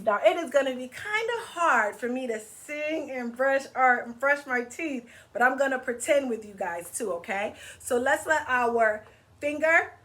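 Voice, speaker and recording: A woman's voice: on the high side, a bit bright. A woman hosting a children's read-aloud, singing, asking questions and coaxing kids to move along with her. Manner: playful, coaxing, asks kids to join in. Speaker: children's story time host.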